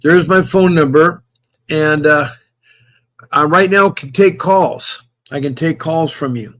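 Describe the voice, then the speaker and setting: A man's voice: fairly high pitch, slow, fairly bright tone. A man hosting a live call-in stream, reading out viewer comments and greeting them by name, chatty and given to repeating himself. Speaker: host of a call-in livestream.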